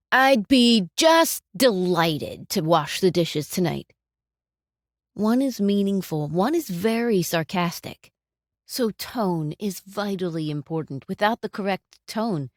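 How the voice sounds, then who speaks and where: A middle-aged woman hosting a solo talk on relationships, conversational, warm, and fond of rhetorical questions. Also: medium pitch, no echo, studio quality. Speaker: podcast host.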